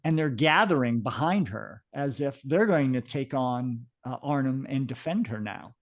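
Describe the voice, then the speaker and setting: A man's voice: mid-range voice, animated, normal speed. A man co-hosting a comic book podcast, describing panels with enthusiasm and plenty of fillers. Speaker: podcast co-host.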